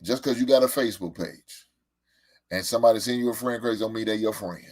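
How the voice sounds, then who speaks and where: A man's voice: lowish voice, steady tone, quick pace, darkish tone. A man hosting a casual talk show, telling stories in a loose, profane, emphatic way. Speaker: show host.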